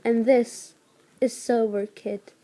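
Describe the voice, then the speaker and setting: A woman voicing an anxious young male cat leader, pleading loudly and with strain. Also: on the high side, steady tone, slow pace. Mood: tender.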